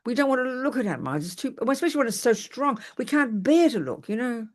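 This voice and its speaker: Fast-talking and somewhat high-voiced, an older woman delivers a dharma talk as a Buddhist teacher. She tells lively personal stories that mock herself and frequently restarts her sentences.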